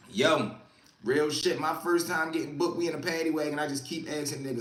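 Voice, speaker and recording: A young man tells a story to his live chat, animated and loose, slipping into other people's voices as the tale rolls on. His voice sits a bit high and sounds bright and forceful. The room around him is echoey. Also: a little fast. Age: young adult. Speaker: livestream storyteller.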